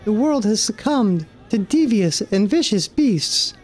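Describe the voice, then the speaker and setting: A man voicing a graceful, gentle female tree spirit from a game, reading her lines aloud. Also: sits high, animated, a little slow, faint music behind, voice pushed down. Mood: solemn, pleading. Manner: reads lines aloud, breaks off laughing.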